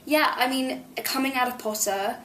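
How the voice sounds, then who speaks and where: A young woman talks in a bright, higher register, gushing and chatty as an interview guest. Her voice carries a roomy echo and a faint hum of background ambience. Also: normal speed. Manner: effusive and chatty. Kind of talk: candid press interview.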